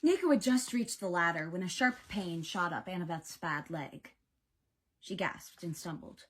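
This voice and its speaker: A woman's voice: fairly low pitch, moderate pace, fairly bright tone, breathy edge. A woman reading a novel aloud with dramatic, varied pacing. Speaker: audiobook reader. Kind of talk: expressive book narration.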